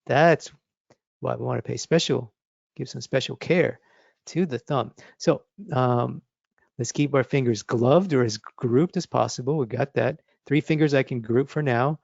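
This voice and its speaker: Gravelly man teaching a drawing demo. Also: mid-range voice, a little slow, dry recording, highs cut off. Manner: thinking aloud while sketching, relaxed and encouraging. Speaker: drawing instructor. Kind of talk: live drawing demonstration.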